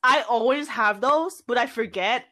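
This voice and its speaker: A woman's voice: a little high, a little slow, bright, forceful tone. A young woman chatting casually among friends, laughing often as she talks. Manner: giggly, breaks into frequent laughter.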